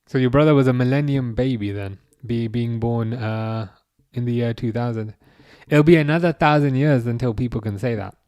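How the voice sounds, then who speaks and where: A man in his thirties hosting a live football watchalong, chatting casually and reading out comments, with a halting, restarting way of talking. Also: mid-range voice, a little mellow, smooth, no room sound. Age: 30s. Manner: halting, many restarts, chuckles often.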